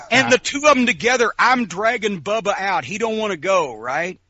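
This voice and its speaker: A man telling stories in casual chat, animated and profane, acting out quoted lines. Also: high-pitched, moderate pace, no echo. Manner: animated, profane storyteller who acts out quotes. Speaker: podcast co-host. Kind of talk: casual storytelling. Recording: dull lo-fi sound.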